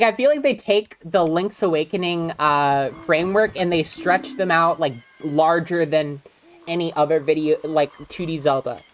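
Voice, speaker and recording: A woman casually chatting and swearing while streaming a video game, rambling with frequent laughs. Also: fairly low pitch.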